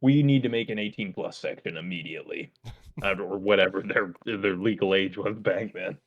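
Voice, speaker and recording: A man co-hosting a casual podcast, riffing on odd facts with jokes and quick comic bits. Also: sits low, dull audio. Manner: riffs with comic bits and acted-out voices, laughs often. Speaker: podcast co-host. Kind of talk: casual chat.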